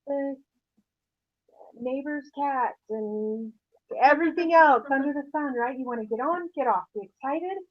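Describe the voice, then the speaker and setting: A woman leading a motivational sales meeting, upbeat and animated, asking the room questions and laughing often. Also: sits high. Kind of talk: motivational sales talk to a group. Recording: tinny phone-like sound.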